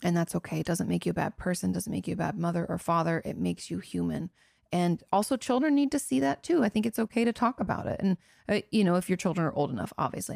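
A woman's voice: lowish voice, gravelly, a little mellow, dry recording, clean studio sound. A woman host and therapist talking through listener questions in an earnest, conversational way, full of "you know" asides. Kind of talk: casual advice talk answering listener questions.

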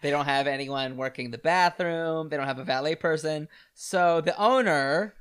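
A co-host chatting casually while reacting to a music video, teasing and joking in a playful, deadpan way. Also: medium pitch, moderate pace, smooth.

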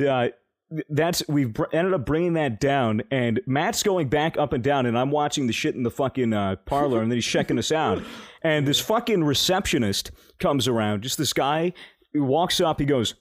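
A man's voice: medium pitch, expressive, moderate pace. A young man casually telling a rambling, swear-filled story on a podcast, laughing as he goes. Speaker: podcast co-host.

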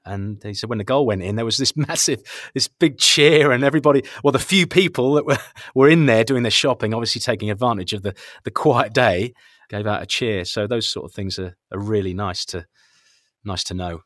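A man, a former radio commentator, reminiscing in a relaxed interview with chuckles and frequent self-corrections. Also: fairly low pitch, brisk, no echo, clean studio sound.

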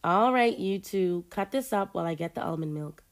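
A woman reading aloud and voicing a bossy, teasing young woman who is the older sister, a little higher and louder than her narration. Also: expressive, normal speed. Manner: bossy and playful, mock-proud.

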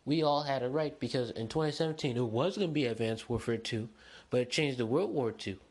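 A young man hosting a solo podcast, chatting in a rambling, excitable, slangy way. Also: mid-range voice, a little fast, husky. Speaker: podcast host. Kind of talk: casual solo podcast chat.

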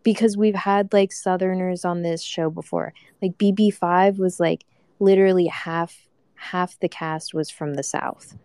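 A woman's voice: lowish voice, fairly even intonation, unhurried, a little mellow, clear, resonant tone, no room sound, studio quality. A young woman giving a live reaction to a reality show, ranting casually with swearing and lots of fillers. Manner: ranting, profane, many fillers.

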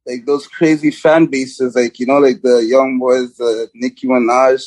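A man's voice: mid-range voice, flat delivery, a little slow, a little mellow, no room sound. A young man, a guest rapper, chatting casually in an interview, rambling with lots of filler words and easy laughter. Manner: rambling, lots of "like" and "you know", laughs easily.

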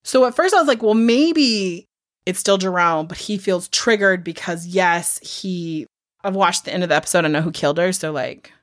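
Woman, podcast co-host, casual true crime chat, animated, swears a lot, dry sound. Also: fairly low pitch, brisk, no echo. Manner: animated, swearing, acts out people's lines.

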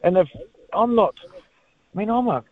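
A man with a New Zealand accent calling in to a sports radio show. He talks in a rambling, slangy, excitable way. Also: sits high, normal speed. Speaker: caller. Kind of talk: phone-in chat. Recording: tinny phone line.

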